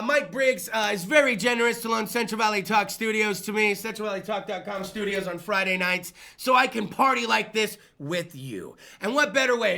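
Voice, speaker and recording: A man's voice: vocal fry, sharp tone. A man hosting a small-studio talk show, rambling in hyped, profane banter. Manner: rambling, hyped, swears freely, slips into goofy low voices. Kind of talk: loose, profane live call-in show banter.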